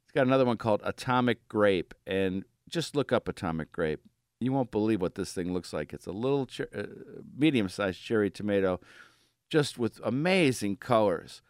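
A man's voice: lowish voice, lively intonation, normal speed, no room sound. A man hosting a radio gardening show in a studio, chatty and upbeat, laughing easily between thoughts. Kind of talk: casual radio talk. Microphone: studio microphone.

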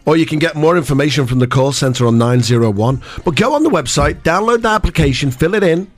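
A man's voice: fairly high pitch, expressive, fast talker, soft background music. A man co-hosting a radio show in a studio, dropping brief, wry interjections. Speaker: radio co-host. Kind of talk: breakfast radio chat.

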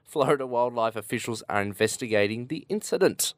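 A man's voice: mid-range voice, a little fast, no room sound, clean studio sound. A man co-hosting a podcast, reading out odd news stories and laughing along. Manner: good-humoured, laughs along, reads stories aloud.

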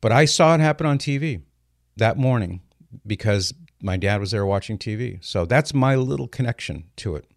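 Older male radio host, animated storyteller, lowish voice, dry close mic. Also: moderate pace, gravelly, no echo. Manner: lively storyteller, explains step by step. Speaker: radio host answering callers. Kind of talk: call-in radio talk.

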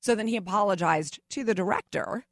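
A woman's voice: medium pitch, fairly quick, no room sound, studio quality. A middle-aged actress, a guest in a casual interview, telling stories animatedly and acting out the people she quotes.

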